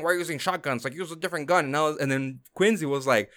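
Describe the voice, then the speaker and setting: A man's voice: on the high side, fast talker, hardly any pauses, sharp tone. A man co-hosting a gaming podcast, telling a story in casual chat with lots of fillers. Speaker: podcast co-host.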